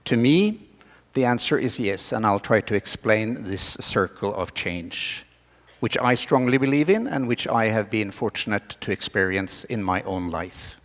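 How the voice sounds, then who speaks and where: A man's voice: fairly low pitch, expressive, unhurried. Norwegian man speaking in a reverberant hall. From Norway. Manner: earnest, rousing, with wry jokes. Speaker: speaker giving a talk to students. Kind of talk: presented talk with slides.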